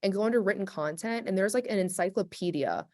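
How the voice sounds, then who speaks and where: A woman speaking as a webinar panelist, chatty and energetic, with many fillers like "like". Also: medium pitch, quick pace. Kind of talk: casual panel discussion.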